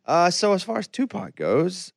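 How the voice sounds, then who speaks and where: A man's voice: high-pitched, wildly swooping pitch, normal speed, vocal fry, dry recording, clean studio sound. A male podcast host asking loose, conversational questions, often circling and restarting as he works out what to ask. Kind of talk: casual interview chat.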